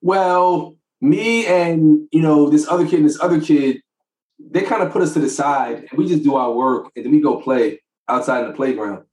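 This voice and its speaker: A man co-hosting a podcast, telling stories about his kids in a casual, animated way and laughing often. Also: fairly high pitch, normal speed, roomy sound, rough recording. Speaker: podcast co-host. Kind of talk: casual chat.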